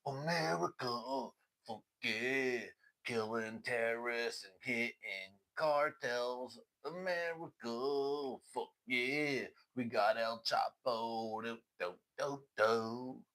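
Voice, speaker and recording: A man voicing a loud, gung-ho male American patriot who chants slowly and draws out his words. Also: mid-range voice, voice pushed up. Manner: slow chanting, drawn out.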